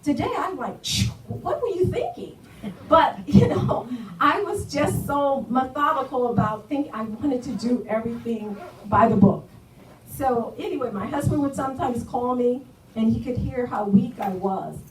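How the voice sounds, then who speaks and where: A woman's voice: on the high side, moderate pace. Woman telling her story in an echoey hall. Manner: earnest storytelling, acts out dialogue. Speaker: guest speaker giving a testimony. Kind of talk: personal testimony talk. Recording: echoey room, from far off, faint noise.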